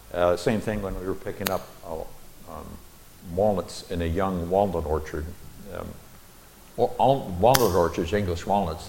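A middle-aged man preaching an expository Bible lesson in a deliberate, explanatory way, with folksy personal asides. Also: deep voice, a little hiss or hum.

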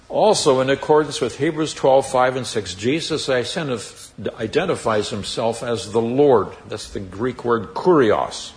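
A man with a somewhat low voice delivers a Bible teaching sermon. He reads scripture with deliberate emphasis and then explains it in a measured way, with the odd filler. A faint hiss sits under the recording.

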